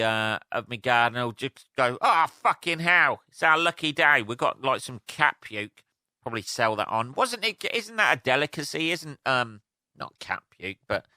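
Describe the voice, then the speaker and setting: A man's voice: medium pitch, pushed and bright, dry recording, clean studio sound. A young man hosting a solo podcast, rambling and swearing as he tells jokey stories. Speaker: podcast host. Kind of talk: casual solo podcast rant.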